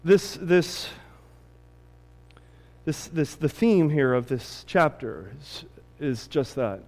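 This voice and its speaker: A man preaches in a large hall, and a long reverb trails each of his words. His voice sits a little high for a man. He climbs higher and louder whenever he drives a point home. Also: slow. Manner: animated preaching, voice rising high and loud at peaks. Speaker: pastor. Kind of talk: sermon.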